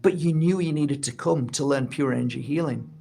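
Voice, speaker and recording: A man's voice: a little high, a little fast, creaky, dark tone. A middle-aged man who teaches energy healing and founded his own course, talking in a casual, earnest and heartfelt monologue. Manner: earnest and heartfelt, acts out little quoted exchanges. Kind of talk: casual spoken monologue to camera.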